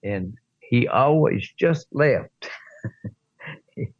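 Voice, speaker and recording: An older man, telling a rough anecdote as an interview guest with chuckles and blunt profanity. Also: mid-range voice, lively intonation, extremely slow, dry recording, lo-fi sound. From American South. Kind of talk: storytelling in an interview.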